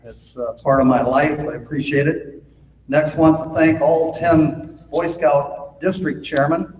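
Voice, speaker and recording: A man from Minnesota addresses a convention from a podium microphone, and his voice rings through a large hall with a long reverb tail. He tells a folksy joke and then reads off thanks and figures in a plain, unhurried way, with frequent "uh" fillers. Faint background noise sits under the room. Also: a little high, fairly even intonation, a little mellow. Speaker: Boy Scout chairman. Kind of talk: convention speech with jokes.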